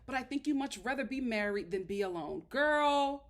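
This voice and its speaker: A woman talking through a reality show episode in loose, chatty commentary. She is sassy and emphatic, leaning hard on her points, and her voice sits fairly high. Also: lively intonation, moderate pace. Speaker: reality TV reviewer. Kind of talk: casual commentary.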